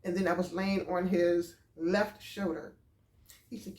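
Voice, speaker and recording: A woman telling a storytime vlog about a date, animated and exclaiming as she goes. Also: fairly low pitch, a little slow. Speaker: vlogger. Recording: roomy echo.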